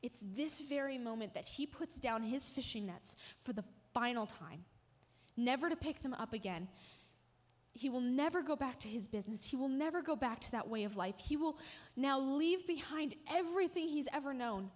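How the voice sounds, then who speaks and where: A woman's voice: a little high, expressive, normal speed. A woman giving a sermon, retelling a story vividly with emotional emphasis. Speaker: church speaker. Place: church. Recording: long hall reverb.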